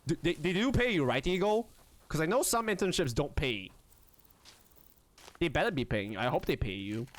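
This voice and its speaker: A young man livestreaming in a casual, rambling chat, excitable, often laughing and squealing, with lots of restarts. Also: on the high side, moderate pace, pauses often, slight background noise. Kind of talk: casual live-stream chat.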